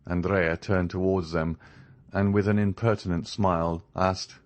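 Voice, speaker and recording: A man narrating a classic novel as an audiobook, in an expressive, measured storytelling manner. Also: low-pitched. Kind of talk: scripted narration.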